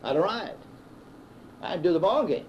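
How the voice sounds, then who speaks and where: A man's voice: high voice, animated, normal speed. A man in his fifties with a Southern US accent, telling a long rambling story with many restarts and uh's. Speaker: interviewee, radio broadcaster. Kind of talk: casual storytelling. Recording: dull, faintly hissy old reel-to-reel tape.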